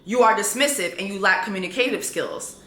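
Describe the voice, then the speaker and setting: A woman's voice: medium pitch, fairly quick, sharp tone, roomy sound. A woman, telling a dating story in a vlog in a blunt, sassy way and reading texts aloud.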